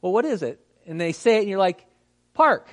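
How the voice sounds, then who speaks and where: A man who is a pastor giving a conversational teaching talk, lively and acting out how words get mispronounced, with many fillers and restarts. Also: high voice, fast. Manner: animated, acts out mispronunciations.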